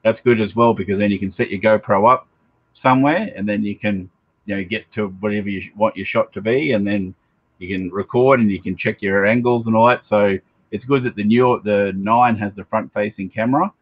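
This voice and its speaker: A man's voice: on the low side, steady tone, brisk, no echo. A man chatting casually as a guest on a live show, rambling and tossing in joking asides. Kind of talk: casual chat. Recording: dry muffled lo-fi stream audio.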